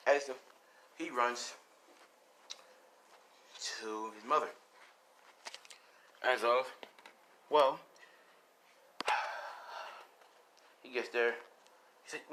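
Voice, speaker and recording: Rambling, slow-talking male storyteller. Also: mid-range voice, bright, forceful tone, a little hiss or hum. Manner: rambling, full of fillers and sighs. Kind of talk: casual improvised fan story narration.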